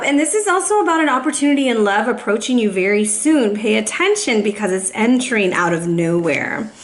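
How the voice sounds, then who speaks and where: A woman giving a casual, playful tarot reading to camera, a little out of breath. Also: a little high. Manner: chatty, playful, sassy asides. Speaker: tarot reader.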